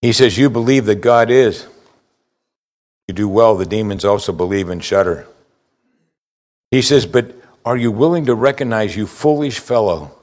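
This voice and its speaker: A male pastor preaches with emphatic delivery. His voice sits at a middle pitch, and it rises in loud stresses before dropping to quiet, low asides. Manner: emphatic preaching, rising and falling in volume. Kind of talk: sermon.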